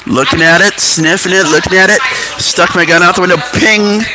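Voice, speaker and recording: Guy a bit high-pitched, offhand rambly storytelling, cusses, music going in the background. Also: steady tone, a little fast, low-quality recording. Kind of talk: casual storytelling and musing.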